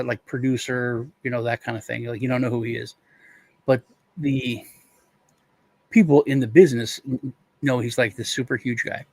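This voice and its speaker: A man's voice: medium pitch, no room sound. A male co-host rambling through a casual chat, retelling stories with restarts and quoted voices.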